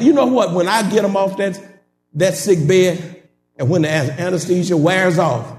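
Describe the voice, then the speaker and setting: A man preaching a sermon to a congregation, calling out to them with laughing asides and building to shouted, sing-song climaxes. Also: high voice. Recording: echoey hall from a distance.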